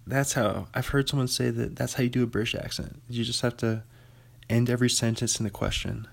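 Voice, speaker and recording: Casting: male host, gravelly fry in the voice, joking and self-mocking, relaxed solo chat and reading aloud. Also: mid-range voice, normal speed.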